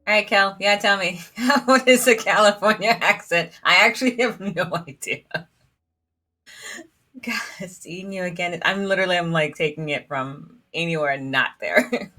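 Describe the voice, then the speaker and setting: A woman with a lowish, sharp-toned voice streams a story game at a moderate pace. She reads the dialogue aloud in a giggly, chatty way, dropping "like" throughout.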